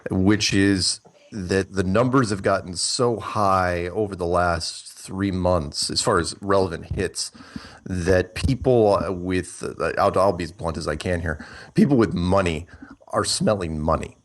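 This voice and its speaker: A man's voice: deep voice, unhurried, a little hiss or hum. A man talking as a podcast guest, rambling and restarting as he explains statistics at length. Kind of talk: casual podcast conversation.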